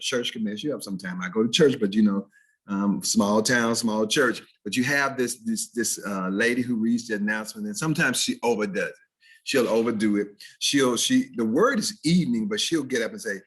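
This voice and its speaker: A man with a Southern American accent lectures students over a video call. His voice is slightly husky and his delivery is animated, shifting into casual dialect to make a point before returning to careful speech. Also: fairly low pitch, normal speed. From Southern United States. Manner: animated, switches into dialect examples for contrast. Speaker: educator teaching diction. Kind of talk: recorded video-call presentation.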